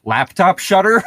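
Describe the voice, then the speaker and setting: A man's voice: high voice, a bit bright, no room sound. A young man co-hosting a casual podcast chat, rambling with lots of fillers and laughing often. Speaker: podcast co-host.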